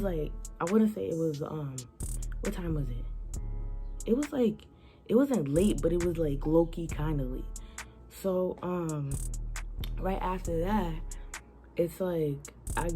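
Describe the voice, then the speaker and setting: A young woman vlogger telling a personal story in a casual, animated way, full of slang and fillers. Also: fairly low pitch. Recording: music playing behind her.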